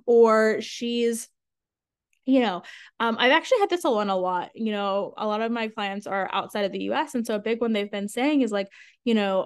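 A young woman, a sales coach, hosts her own solo podcast in a frank, chatty monologue full of fillers and casual swearing. Her voice is a little high with lively intonation, and she keeps a moderate pace.

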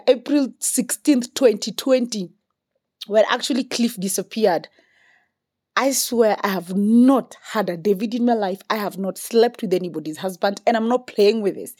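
A young woman with a Kenyan accent telling a story in a casual monologue, emphatic, swearing freely and repeating words for emphasis. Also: medium pitch. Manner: animated, emphatic, mixing English with Swahili slang.

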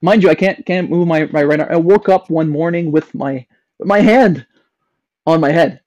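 A man's voice: normal speed, a little mellow, no room sound. A young man with a Canadian accent telling a long personal story as a podcast guest, rambling with many fillers and restarts. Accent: Canadian English. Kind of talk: casual storytelling. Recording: dull low-fidelity sound.

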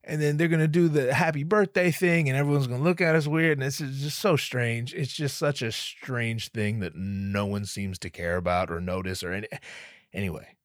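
Steady and moderately paced, a mid-range male comedian rambles through a funny story in a dry, studio-quality recording. He swears a lot, stumbles over words, and repeatedly interrupts himself.

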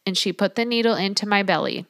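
A woman's voice: medium pitch, fairly even intonation, quick pace, fairly bright tone, no room sound, studio quality. A young adult woman hosting a podcast, telling her personal story in a candid, emotional and sometimes indignant way. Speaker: podcast host.

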